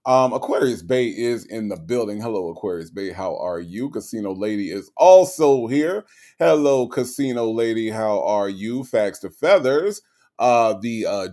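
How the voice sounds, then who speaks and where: A low-pitched man hosts a casual livestream and greets his viewers one by one. His voice is lively and rises and falls a lot. He drifts between relaxed mumbling and loud, punchy outbursts. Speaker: livestream host. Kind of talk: casual livestream chat reading viewer comments.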